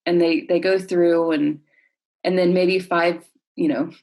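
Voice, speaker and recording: A woman counselor explaining her work in a conversational interview, thoughtful and halting, with many fillers and restarts. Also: lowish voice, steady tone, darkish tone.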